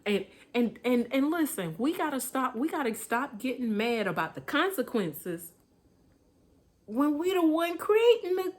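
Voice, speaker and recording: A woman's voice: high-pitched, big pitch swings, measured pace. A woman giving a motivational talk in a preaching style, emphatic and colloquial, repeating her points and chuckling now and then. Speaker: motivational speaker.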